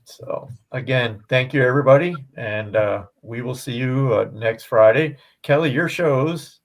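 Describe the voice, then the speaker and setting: A man co-hosting a live-stream show, wrapping up casually in a relaxed, rambling way full of fillers like "you know". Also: mid-range voice, measured pace. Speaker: show co-host.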